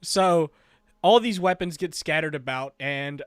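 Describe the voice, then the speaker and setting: Animated, higher-voiced man chatting jokingly. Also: unhurried, clear, resonant tone, dry recording, clean studio sound. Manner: animated, jokey, acts out characters' lines. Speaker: podcast host. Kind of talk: casual review chat.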